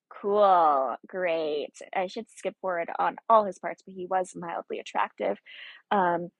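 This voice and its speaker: A woman's voice: medium pitch, vocal fry, breathy edge, no echo. A young woman chatting casually about a TV show, rambling with lots of fillers and asides, sometimes dropping to a whisper. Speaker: video essayist. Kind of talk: casual chat.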